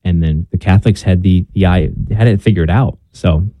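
A man's voice: low-pitched, moderate pace, dark tone, no echo. A young man in casual conversation as a guest, speaking earnestly and a little self-deprecating, with frequent ums and restarts. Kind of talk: casual conversation about faith.

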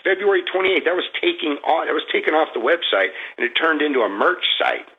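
A man's voice: fairly high pitch, very animated, fast talker, slightly rough, phone-quality sound. A man calling in to a talk show, venting about politics in a rambling, frustrated way, full of fillers and restarts. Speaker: caller. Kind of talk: political call-in rant. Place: Florida.

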